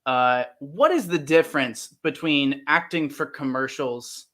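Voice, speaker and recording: A man's voice: on the high side, measured pace, pushed and bright. An American man hosting a casual roundtable, enthusiastic and reading out viewer comments. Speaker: host.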